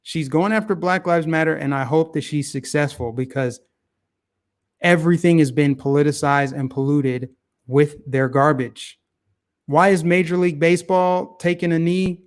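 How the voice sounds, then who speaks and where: A man hosting a casual talk show, giving opinionated political commentary that is animated and heavy on repeated phrases. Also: on the high side, normal speed.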